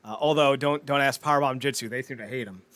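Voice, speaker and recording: A man co-hosting a podcast, excitable and mocking in casual chat. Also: mid-range voice, no echo. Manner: excitable, mocking, quick to laugh. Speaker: podcast co-host.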